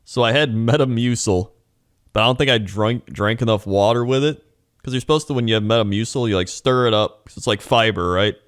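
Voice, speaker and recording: A man's voice: mid-range voice, a little fast. A man co-hosting a comedy podcast, telling stories in a laid-back, dry way. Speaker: podcast co-host. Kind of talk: casual comedic chat.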